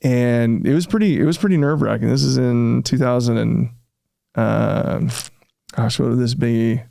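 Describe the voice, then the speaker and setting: A man, a real estate developer being interviewed, telling his story in a casual, animated way and often acting out what he said at the time. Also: mid-range voice, measured pace, gravelly, dry recording, studio quality. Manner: animated, reenacts his own past remarks, frequent fillers.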